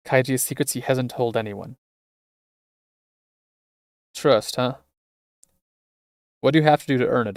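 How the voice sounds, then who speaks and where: A man's voice: medium pitch, no room sound, natural voice. Guarded, easygoing man with secrets, read by a male streamer; dry close mic. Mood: wry. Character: guarded, laid-back adult man with secrets.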